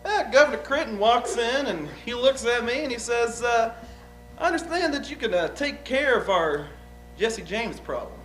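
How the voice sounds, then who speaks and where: Man doing a young outlaw on the stand, high voice, bright, folksy, rambling, hesitant. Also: lively intonation, normal speed, faint music behind. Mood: guarded. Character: young uneducated outlaw witness, defensive and blunt. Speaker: witness. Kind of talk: improvised courtroom drama.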